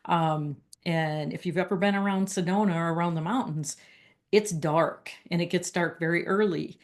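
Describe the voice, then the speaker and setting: Woman telling her own story, kinda low voice, earnest, stops and restarts a lot. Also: steady tone. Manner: earnest, reflective, halting with restarts. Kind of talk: personal story told casually.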